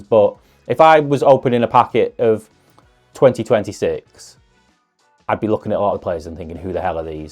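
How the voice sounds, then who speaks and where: Low-voiced chatty man. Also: darkish tone. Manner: chatty, musing asides with self-deprecating humour. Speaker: card-opening video host. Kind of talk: casual unboxing commentary.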